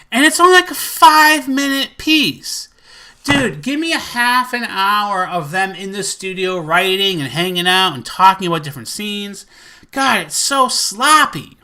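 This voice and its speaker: Man, movie collector vlogger, rambly and excitable, lots of fillers, bright forward voice. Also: high-pitched. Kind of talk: casual collection vlog.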